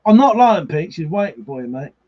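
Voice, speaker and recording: Man, drunk, livestream host, casual chat, sweary, laughs a lot, fairly high voice, slightly dull sound. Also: very animated, brisk. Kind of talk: casual chat reading out viewer comments. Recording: slightly muffled livestream audio.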